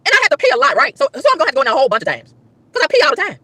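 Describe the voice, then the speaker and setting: A woman ranting to her livestream chat, emphatic and exasperated, with loud whoops. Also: high voice, big pitch swings, very fast, no echo. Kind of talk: casual livestream rant.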